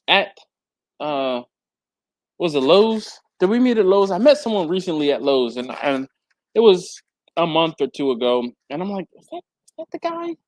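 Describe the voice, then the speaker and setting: Chatty man hosting a livestream. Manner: chatty, laughs often, lively swings in pitch. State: hot and sweaty. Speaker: livestream host. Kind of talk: casual livestream chat, reading viewer comments aloud. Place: warm home garage with a fan and air handler.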